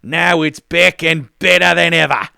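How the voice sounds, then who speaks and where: A man's voice: a little high, fairly even intonation, unhurried, creaky, pushed and bright, clear, resonant tone, no room sound, clean studio sound, heavily acted. A man reading a listener's message as a cheerful woman from New Zealand, in an attempted New Zealand accent that keeps drifting. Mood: cheery.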